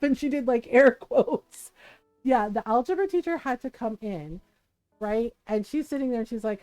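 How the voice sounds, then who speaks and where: A woman's voice: on the high side, lively intonation, moderate pace, warm tone, faint music behind. A woman streamer telling a long personal story in a casual way, laughing often and acting out the people she quotes. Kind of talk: casual storytelling while gaming.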